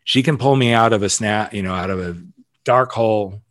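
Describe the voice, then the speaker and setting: A man, a podcast guest, telling playful stories in a casual, animated way and swearing freely. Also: on the low side, fairly quick, no room sound, clean studio sound. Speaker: podcast guest, author and coach. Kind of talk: casual storytelling.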